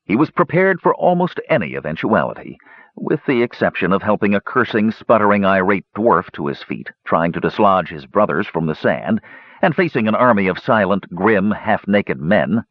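Male fantasy audiobook narrator, low and husky, lively delivery, dull dry audio. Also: moderate pace, no echo. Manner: expressive storytelling.

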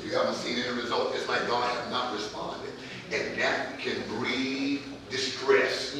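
A man preaching a sermon as pastor, his voice swelling louder as he drives points home. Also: medium pitch, fairly even intonation, a little slow, background noise. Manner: preaching with rising volume and calls of amen. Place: church sanctuary. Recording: distant mic in an echoey church hall.

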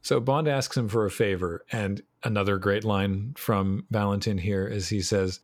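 A man with a fairly low voice hosts a casual chat podcast, walking through a film in an animated way and dropping in quoted lines. The sound is dry and close, with no room around it. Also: moderate pace, hardly any pauses, no room sound. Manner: animated retelling, quoting film lines in passing. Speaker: podcast host recapping a film.

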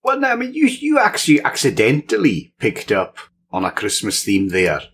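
A man's voice: medium pitch, wildly swooping pitch, moderate pace, fairly bright tone, a little hiss or hum. A man co-hosting a casual podcast, playful and full of enthusiasm. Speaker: podcast co-host. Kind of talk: casual chat.

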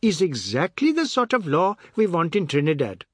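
A man reading a novel aloud, voicing an eager woman who agrees loudly and brags about her son. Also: a little high, huge pitch swings, normal speed, no room sound, clean studio sound, pitched above the performer's own voice, heavily acted. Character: eager, boastful sister of the family.

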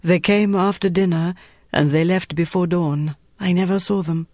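A man's voice: high voice, fairly even intonation, moderate pace, dry recording, clean studio sound. A man voicing a proud, guarded Frenchwoman. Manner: quiet and restrained.

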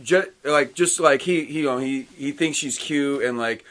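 A man talking casually as a podcast co-host at a middle pitch. He rambles and hesitates, and he slips into characters' lines when he retells scenes. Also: moderate pace, a bit bright. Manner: rambling, hesitant, acts out quotes. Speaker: podcast co-host discussing comics. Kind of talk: casual chat.

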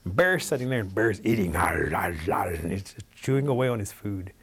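A man telling a traditional animal folktale aloud, in a relaxed, animated, conversational way. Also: on the low side, normal speed, slightly rough. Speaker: storyteller.

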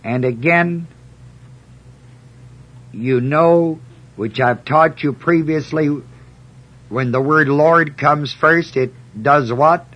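Man, Bible teacher, husky and fairly high voice, unhurried verse-by-verse teaching. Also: fairly bright tone, rough recording. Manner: slow and deliberate, emphatic on key words; reads scripture aloud in a measured cadence.

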